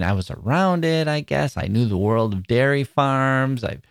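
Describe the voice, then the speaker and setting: A man's voice: mid-range voice, lively intonation, moderate pace, creaky, dry recording. Male podcast host, reflective and wry, dry close mic. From Wisconsin, USA. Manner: thoughtful, wry, with small self-corrections. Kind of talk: reflective spoken essay.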